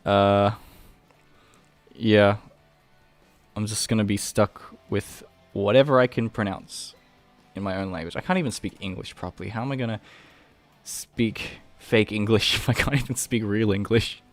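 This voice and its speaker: Laid-back Australian man, low voice. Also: normal speed, pauses often, soft background music. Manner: rambling, relaxed, many fillers and restarts. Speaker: animator streaming live. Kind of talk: casual livestream chat.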